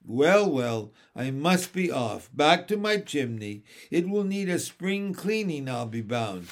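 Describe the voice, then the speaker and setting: A man voicing a cheeky, chatty old male starling with a shrill, wheedling manner in a storybook reading. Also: sing-song, takes it slowly, exaggerated voice. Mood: wistful.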